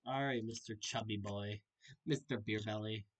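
A man's voice: lowish voice, fairly even intonation, moderate pace. A young man casually commenting while he plays a video game, joking and reacting aloud to what happens on screen. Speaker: gaming video host. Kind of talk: casual let's-play commentary.

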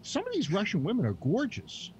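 A man's voice: high-pitched, wildly swooping pitch, brisk, darkish tone. An opinionated man trades provocative remarks in a loose panel chat, and his voice rises and falls a lot. The sound is muffled and lo-fi, with faint hiss.

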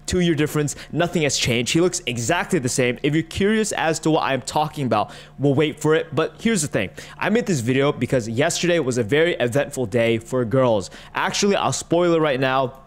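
A man's voice: mid-range voice, animated, brisk, hardly any pauses. A man ranting in reaction commentary, profane, exasperated and mocking. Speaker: online commentator.

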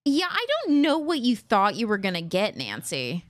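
A woman's voice: medium pitch, huge pitch swings, moderate pace, a bit bright, no echo. A young adult woman doing casual, sarcastic gameplay commentary, chatty and swearing freely. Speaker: let's play streamer. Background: game music.

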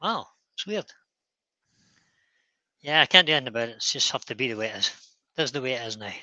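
A man's voice: medium pitch, expressive, fast talker, pushed and bright, no room sound, poor audio. A middle-aged Scottish man hosting a woodturning livestream, chatting in a self-deprecating way and repeating words as he works. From Scotland. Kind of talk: casual livestream chat while turning.

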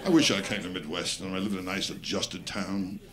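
A man's voice: deep voice, fairly even intonation, fairly quick. A man doing live stand-up comedy on a club stage, firing off brash self-mocking one-liners and bantering with the audience. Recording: live club recording, loud crowd laughter and noise.

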